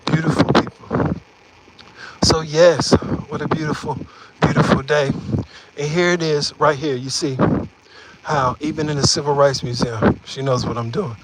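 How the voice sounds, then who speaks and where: A man livestreaming to his viewers from a city street, phone held up as he walks. He rambles from one thought to the next in a loose, casual way, and street noise with passing traffic is clearly heard behind him. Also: medium pitch. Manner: rambling, talks to viewers while walking.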